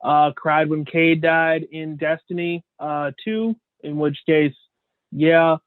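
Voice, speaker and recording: A man's voice: a little high, fairly even intonation, takes it slowly, clean tone, dry recording. A man co-hosting a podcast, talking earnestly in loose, slangy chat. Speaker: podcast co-host. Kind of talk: casual chat. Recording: dry, phone-like sound.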